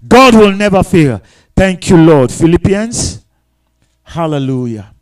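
A man preaching a sermon in a very high, lively voice that swings widely in pitch. He stacks repeated phrases and throws rhetorical questions at his congregation. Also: slow, low-quality recording. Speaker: pastor.

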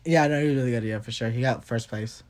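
A man's voice: medium pitch, quick pace, a little mellow. A young man co-hosting a casual podcast, bickering with his brother, laughing often and repeating himself. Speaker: podcast co-host. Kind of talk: casual chat.

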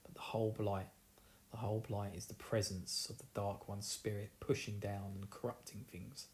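Essex bloke chatting through a book recap, mellow voice, cracks himself up doing the characters. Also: male voice, lowish voice, little pitch movement, moderate pace, slight background noise. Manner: jokey, laughing, acts out character lines. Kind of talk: casual chat.

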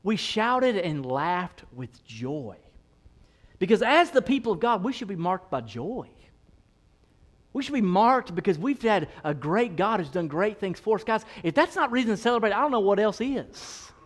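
A male pastor delivering a lively sermon in a fairly high voice. He jokes loudly with the congregation, then drops to a hushed, slower tone when he reads scripture. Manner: animated, swings between loud punchy asides and soft quoted passages.

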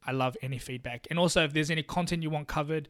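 A man hosting a podcast, giving relaxed, slangy advice in casual chat. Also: on the high side, quick pace, smooth. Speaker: podcast host.

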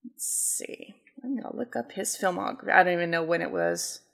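A woman's voice: lowish voice, a little fast, creaky, fairly bright tone. Woman rambling through a casual story. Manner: rambling, storytelling, thinks aloud. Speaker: podcast co-host. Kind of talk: casual chat.

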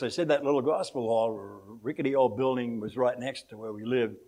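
An older man from Australia, his accent softened by years in America, preaching a rambling, anecdotal sermon in a church and chuckling often. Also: mid-range voice.

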